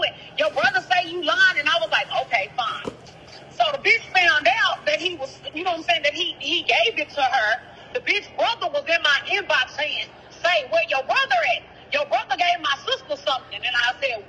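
High, bright-voiced woman caller. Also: a little hiss or hum, poor audio. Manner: blunt, profane, animated storytelling with quoted dialogue. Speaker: caller, sister of the rapper discussed. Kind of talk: phone-in interview, heated storytelling.

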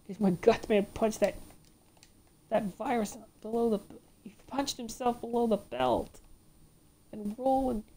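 A woman with a high voice narrating her gameplay, ranting and cursing at the enemies as she goes. She takes her time with each line, and her tone is mellow and dark rather than bright. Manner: ranting, frequent swearing at the game. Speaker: let's play gamer. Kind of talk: gameplay commentary.

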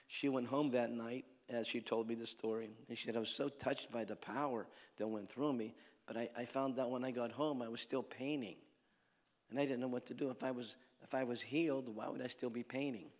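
A man preaching at a healing crusade, telling stories and swinging between loud calls to the crowd and hushed lines. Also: medium pitch, fairly even intonation, a little fast. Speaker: evangelist preacher. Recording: long hall reverb.

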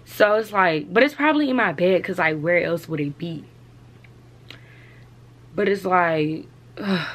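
A woman's voice: lowish voice, fairly bright tone. A young woman chatting casually to her camera at home, full of slang and "y'all". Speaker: vlogger.

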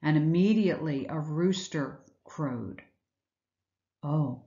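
A woman's voice: low-pitched, slow, mellow, dull audio. A woman giving an Easter sermon, retelling scripture in a reflective storytelling way with rhetorical questions. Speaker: speaker giving an Easter message.

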